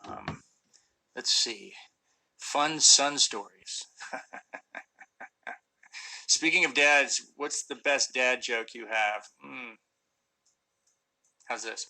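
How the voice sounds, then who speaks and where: A middle-aged actor chatting casually on a phone live stream, answering fan questions with lots of ums and restarts. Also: male voice, mid-range voice, sing-song, very slow, gravelly, long pauses, bright, forceful tone, rough recording. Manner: rambling, many fillers and restarts.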